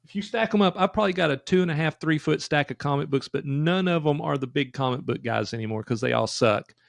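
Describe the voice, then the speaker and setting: A male podcast host with a notably high voice, recorded close and dry with almost no room sound. He retells stories with lively enthusiasm, jumping into the voices of the people in them. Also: quick pace, gravelly, dry recording. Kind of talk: casual chat.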